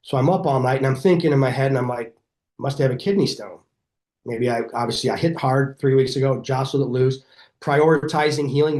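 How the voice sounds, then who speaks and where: Energetic middle-aged man telling stories. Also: mid-range voice. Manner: energetic, animated storyteller who acts out quoted dialogue. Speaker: chiropractor guest. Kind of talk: podcast interview storytelling.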